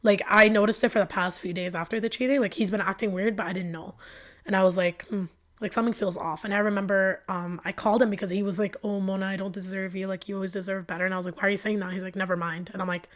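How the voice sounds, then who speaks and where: A young woman, a podcast guest, telling a personal story with lots of fillers and quoted back-and-forth, emotional and animated. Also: medium pitch, quick pace. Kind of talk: candid storytelling.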